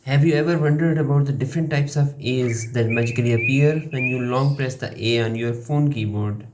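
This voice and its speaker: A young man from Pakistan, a language learning YouTuber, giving a jokey, unhurried explainer with pauses between phrases. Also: medium pitch, darkish tone, slight background noise. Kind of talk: playful explainer monologue.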